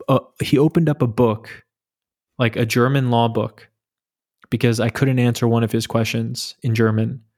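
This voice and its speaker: A man in his thirties from New York with a New York accent, telling stories in a relaxed, joking way on his solo podcast. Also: medium pitch. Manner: relaxed, joking, storytelling with fillers. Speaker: podcast host. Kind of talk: casual solo podcast monologue.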